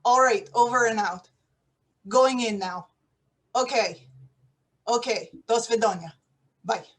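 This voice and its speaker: A woman's voice: fairly high pitch, takes it slowly, a bit bright. Woman doing a bumbling Russian spy. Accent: put-on Russian. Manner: broken grammar, flustered, self-correcting. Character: bumbling female Russian undercover agent. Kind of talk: improvised comedy acting.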